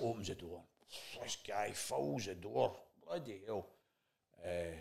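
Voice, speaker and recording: Gravelly Scottish man telling a story. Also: mid-range voice, normal speed, pushed and bright. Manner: swears freely, acts out remembered dialogue. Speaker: chat show guest. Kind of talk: casual storytelling chat.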